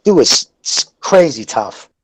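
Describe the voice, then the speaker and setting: A man, hosting a podcast and telling rambling, profane stories in a casual, animated way. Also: mid-range voice, slow pace, slightly rough, no room sound, rough recording. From Lowell, Massachusetts. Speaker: podcast host. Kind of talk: casual chat, storytelling.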